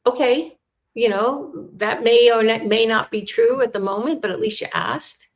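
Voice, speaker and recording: Calm woman guest, soothing spiritual talk. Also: a little high, moderate pace. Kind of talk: casual chat.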